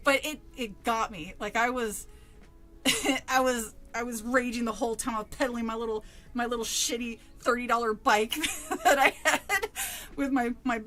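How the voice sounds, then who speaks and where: A woman's voice: a little high, normal speed, fairly bright tone. A woman streamer casually telling a personal story, laughing often and swearing freely.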